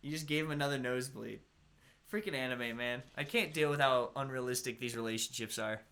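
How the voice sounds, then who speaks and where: A tired man hosting a casual live stream, stuttering and pausing a lot as he talks to viewers. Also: medium pitch, sharp tone.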